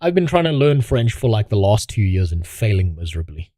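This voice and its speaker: A man's voice: fairly low pitch, big pitch swings, a little fast, mellow, no echo. A man streaming and reacting to videos in casual commentary, swearing heavily and mocking himself. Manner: crude, heavy swearing, self-mocking.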